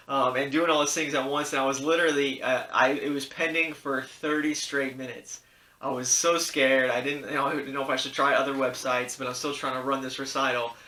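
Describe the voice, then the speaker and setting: A man's voice: mid-range voice, sharp tone, roomy sound, far from the mic. A man in his thirties telling a personal story on his sneaker vlog in a casual, rambling, earnest way, full of fillers and restarts, encouraging his viewers. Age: 30s. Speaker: sneaker YouTuber.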